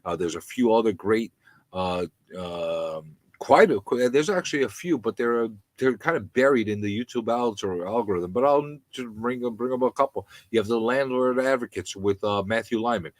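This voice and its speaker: A man hosting a live stream, ranting about landlords in an animated, indignant, repetitive way. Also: mid-range voice, moderate pace, no room sound, low-quality recording.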